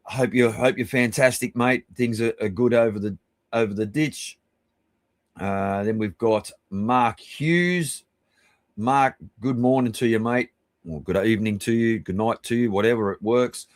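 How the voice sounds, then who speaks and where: An Australian man hosting a live stream, giving rambling, chummy shout-outs to viewers and swearing casually. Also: mid-range voice, a little slow, no echo. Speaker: livestream host.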